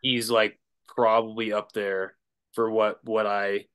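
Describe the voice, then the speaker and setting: A man's voice: lowish voice, flat delivery, takes it slowly, a bit bright, clear, resonant tone. A man, a drummer as guest, telling a rambling story in casual chat, laughing and restarting often.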